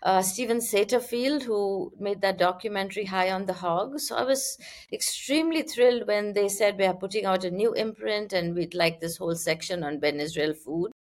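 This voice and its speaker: A soft-spoken woman poet, a guest on a podcast, who speaks at a medium pitch. She answers with thoughtful pauses and gentle fillers and slips into a measured reading voice for her poems. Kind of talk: interview answers and poetry reading.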